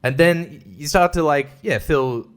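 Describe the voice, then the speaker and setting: A man's voice: fairly high pitch, measured pace. Rambling man hosting a podcast. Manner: rambling, self-interrupting, laughs often. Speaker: podcast host. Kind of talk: casual solo podcast chat.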